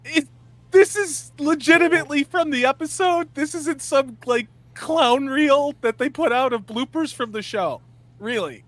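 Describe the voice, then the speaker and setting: A man's voice: extremely high pitch, measured pace, dry recording. A man co-hosting a casual reaction chat, exasperated and scornful, often restarting his sentences. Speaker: co-host.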